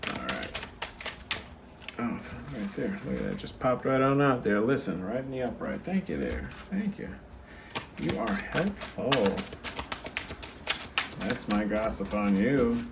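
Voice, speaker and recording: A tired tarot card reader hosting his channel gives a casual reading, chatting directly to viewers with lots of fillers. His voice is lowish and creaky, with a measured pace and long pauses, over steady background noise.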